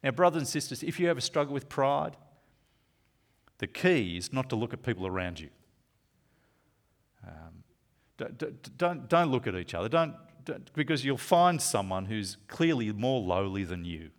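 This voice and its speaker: An animated male preacher whose pitch leaps and falls as he teaches. He drives points home loudly, then slows to soft, near-whispered asides. His delivery has the steady rhythm of a sermon. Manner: animated, rises loud for emphasis, slows to hushed asides.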